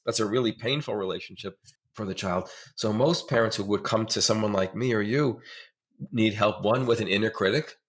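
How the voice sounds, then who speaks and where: A middle-aged man with a lowish voice, talking a little fast, appears as a therapist guest in a conversational interview. He's earnest and emphatic, explaining his ideas through examples.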